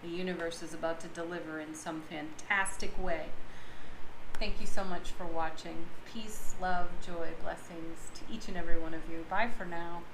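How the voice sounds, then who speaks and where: Woman, tarot reading, soft drawn-out affirmations, breathy laughs, echoey room, noisy background. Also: on the low side, steady tone. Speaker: tarot card reader. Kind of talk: daily tarot reading to viewers.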